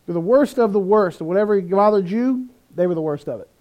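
A man preaching a sermon, animated, acting out quoted voices with big swings in pitch and loudness. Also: fairly quick, highs cut off. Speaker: pastor.

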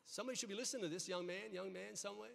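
A man's voice: high voice, steady tone, rapid-fire, vocal fry, fairly bright tone. A middle-aged male pastor preaching a sermon in a church, telling folksy stories with humor and often repeating his words. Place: church sanctuary. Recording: long reverb of a church hall.

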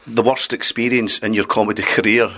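A man's voice: fairly low pitch, fairly even intonation, a little fast, bright, forceful tone. A man hosting a comedy chat show, telling jokes and interviewing comedians. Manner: jokey, tells short gags.

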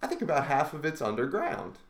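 A young man co-hosting a podcast, telling a story in casual chat, animated and swearing freely. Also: a little high, brisk. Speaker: podcast co-host. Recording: echoey room.

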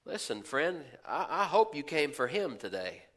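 Male pastor, folksy sermon delivery, higher bright voice, acts out quoted voices. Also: very animated, normal speed. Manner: folksy, preaching with rhetorical questions and asides.

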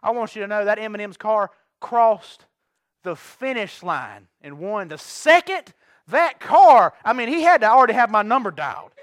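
A man preaching a sermon to his church, telling stories with big swings from quiet asides to shouts. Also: high-pitched, animated, moderate pace, dry recording. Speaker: pastor.

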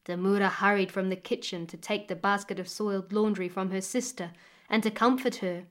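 A woman storyteller reading a folk tale aloud in a measured, expressive way. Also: medium pitch. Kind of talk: storytelling narration.

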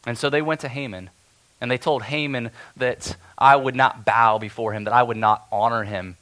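A man performing a dramatic first-person biblical monologue as a steadfast, defiant elder, earnest and stirring, swinging between loud declarations and hushed tension. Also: medium pitch, fairly even intonation, normal speed.

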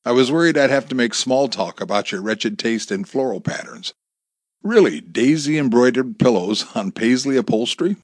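A man's voice: medium pitch, expressive, normal speed, dry recording, clean studio sound, close to an everyday voice. A man voicing a menacing, sarcastic male kidnapper who taunts his victim over the phone, in a storybook reading. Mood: taunting. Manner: taunting, mocking, cruel.

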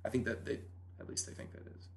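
Talking quickly over slight background noise, this New Hampshire man is a guest on a podcast. He tells a story in relaxed chat, an animated storyteller who performs the quotes.

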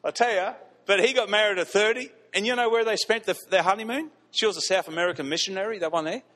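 A fairly high-voiced man preaching to his congregation, telling stories with lively emphasis and repeating key phrases. His voice rings out with a long hall reverb around it. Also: fast. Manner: animated, repeats lines for emphasis, laughs at his own stories. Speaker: pastor. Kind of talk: storytelling sermon. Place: church hall.

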